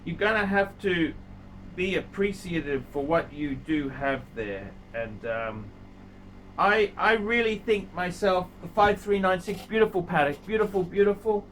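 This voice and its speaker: A man's voice: high-pitched, animated, a little slow, a bit bright, a little hiss or hum, rough recording. A man hosting his own video channel, giving a blunt, scolding watch review and repeating himself for emphasis. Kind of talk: casual video review monologue.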